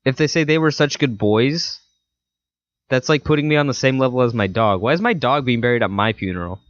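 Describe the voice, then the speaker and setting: A young man co-hosting a podcast in casual chat, lively and quick to laugh. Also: medium pitch, no echo. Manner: lively, laughs easily, plays put-on voices. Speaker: podcast co-host. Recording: dry, dull lo-fi mic sound.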